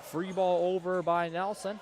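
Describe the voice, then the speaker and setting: A young man calls a high school volleyball match in a brisk play-by-play manner, catching and correcting his own slips. His voice sits a little high. A faint hum of gym noise runs underneath. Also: little pitch movement, darkish tone. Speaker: play-by-play commentator. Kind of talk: high school sports commentary. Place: school gymnasium.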